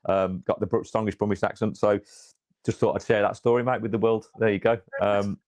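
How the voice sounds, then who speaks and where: A man's voice: fairly low pitch, little pitch movement, fairly quick, darkish tone, no echo. A man from England, chatting casually about his football club in a rambling way full of restarts and fillers. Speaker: podcast co-host. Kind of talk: casual football fan chat.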